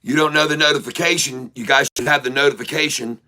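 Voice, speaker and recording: A man from Ireland hosting a stock market show, ranting furiously and profanely, repeating himself and sometimes shouting. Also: medium pitch, steady tone, quick pace. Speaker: stock market video host. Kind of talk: angry ranting market commentary. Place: Dublin, Ireland.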